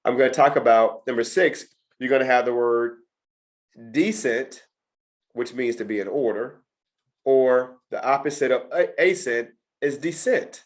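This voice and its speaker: A middle-aged man with a medium-pitched voice speaks at a normal speed. He lectures students in a test prep session, talking emphatically and repeating his key points.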